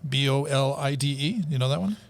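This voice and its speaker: A man's voice: medium pitch, fairly quick, creaky. A man co-hosting a casual podcast chat, reading out car prices and quizzing the others. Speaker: podcast co-host.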